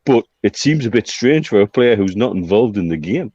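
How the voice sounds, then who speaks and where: Bloke chatting football, lowish voice, lots of ums, dull dry lo-fi sound. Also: male voice, lively intonation, a little mellow, breathy edge, dry recording. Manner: measured, hesitant with many fillers. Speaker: podcast co-host. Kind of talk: casual football chat.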